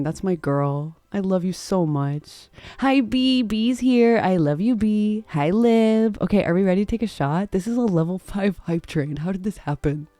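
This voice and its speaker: Bubbly woman streamer, mellow tone, dry close mic, faint game music behind. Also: medium pitch, no room sound. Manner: bubbly, gushing, laughs often. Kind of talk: live-stream chat, thanking viewers.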